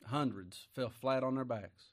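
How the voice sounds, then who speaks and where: A man preaching a sermon, folksy and emphatic, rising to loud declamation when he reads scripture. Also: mid-range voice, a little slow.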